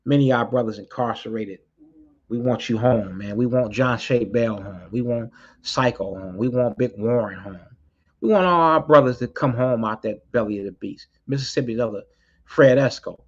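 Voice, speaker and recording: A man speaks in a fiery, preaching manner, hammering his points by saying them twice and swearing without holding back. His voice sits at an ordinary middle pitch. The recording is dull and lo-fi. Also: normal speed. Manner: fiery, preaching, repeats key lines for emphasis; blunt, swears freely. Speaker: community activist addressing street groups. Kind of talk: impassioned spoken address.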